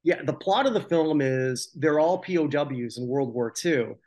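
A man's voice: fairly high pitch, animated, a little slow, a little mellow. A man co-hosting a podcast in a casual chat about old TV, rambling and joking with many restarts. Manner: rambling, self-correcting, jokey. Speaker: podcast co-host.

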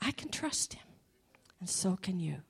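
A woman sharing a personal faith testimony in an animated storytelling manner, laughing often. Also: fairly low pitch, measured pace, gravelly, heavy background noise.

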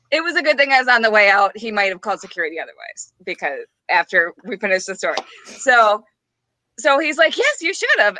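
A woman co-hosting a podcast, telling a story in a casual, animated way with frequent giggles. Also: mid-range voice, dry recording. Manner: animated, giggly, rising to squeals on punchlines. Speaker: podcast co-host.

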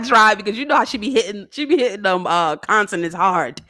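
A woman talking casually and animatedly in a solo monologue, slangy and quick to laugh, with features. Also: medium pitch, pushed and bright, no echo, clean studio sound.

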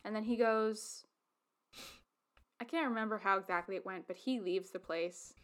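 A woman co-hosting a podcast who tells film scenes in a lively, animated way in casual chat. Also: mid-range voice, moderate pace. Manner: animated storytelling, acting out film dialogue. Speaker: podcast co-host.

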